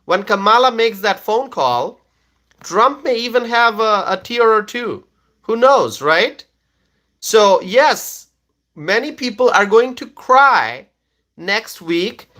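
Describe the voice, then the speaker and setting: A man with a high, bright voice hosts a political livestream and reads viewer comments aloud. He talks at an unhurried pace. He stresses each claim, repeats himself, and keeps checking in with "okay?". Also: lively intonation.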